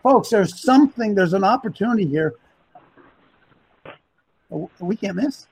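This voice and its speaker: A man with a strikingly high voice leads the talk like a preacher. He rouses his listeners with rhetorical questions and repeated calls. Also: creaky, breathy edge, rough recording. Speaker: host. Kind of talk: casual chat.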